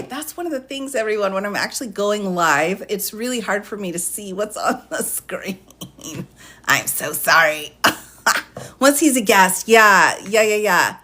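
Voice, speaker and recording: A woman's voice: mid-range voice, takes it slowly, fairly bright tone. A woman hosting a casual live stream, chatting and laughing often, apologizing to her viewers. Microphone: phone or computer mic.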